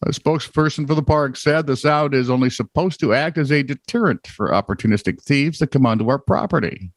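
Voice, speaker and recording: A man's voice: mid-range voice, a little fast, dry recording. A man co-hosting a comedic news podcast, reading strange headlines with wry asides in a casual chat. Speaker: podcast co-host.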